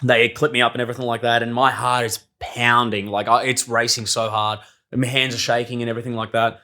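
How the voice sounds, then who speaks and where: A man's voice: mid-range voice, level tone, fast talker, sharp tone. A young man telling stories casually on a podcast, swearing freely, laughing often and acting out what people said. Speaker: podcast guest, circus performer. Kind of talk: casual storytelling chat.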